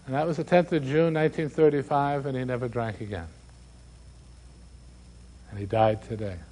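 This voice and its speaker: A man's voice: medium pitch, fairly even intonation, normal speed, warm tone, lightly acted, low-quality recording. An actor performing a one-man stage monologue as a recovering alcoholic man, telling his story earnestly and quoting the people in it.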